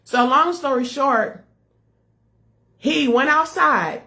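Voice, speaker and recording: A woman's voice: high-pitched, slow pace, sharp tone. A woman who leads a ministry, giving an earnest personal testimony to her followers and repeating herself as she speaks to viewers directly. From United States. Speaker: ministry leader.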